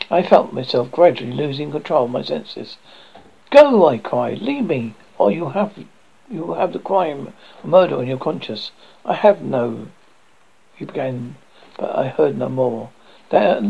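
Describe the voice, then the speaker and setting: A man with a gravelly, husky voice reads an old ghost story aloud as a horror host. His pitch rises and falls in lively swings, and he often stumbles and restarts a phrase. The recording is dull and lo-fi. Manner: stumbling, restarting reading with dramatic swings in loudness.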